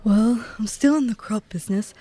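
A woman's voice: on the high side, normal speed, warm tone, natural voice. A woman playing a shy, awkward Scarecrow figure who writes bad love poetry, in a comedy audio drama. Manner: timid, apologetic, awkwardly earnest. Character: Scarecrow, shy awkward hopeless-romantic poet.

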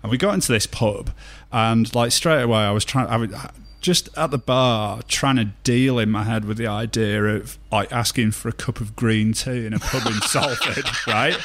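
A man's voice: medium pitch, moderate pace, few pauses, a bit bright. A man hosting a podcast, telling a chatty anecdote in casual conversation. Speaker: podcast host. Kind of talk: casual chat.

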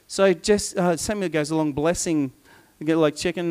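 A man preaches in an animated, storytelling way and slips into voices for the people in his tale. His voice sits a little high for a man. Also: normal speed, smooth. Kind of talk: sermon.

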